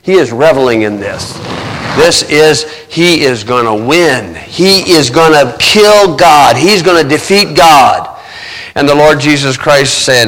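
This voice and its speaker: High, bright-voiced storytelling preacher. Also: male voice, expressive, takes it slowly, long reverb tail, low-quality recording. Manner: vivid storytelling, shifting pace. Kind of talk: sermon.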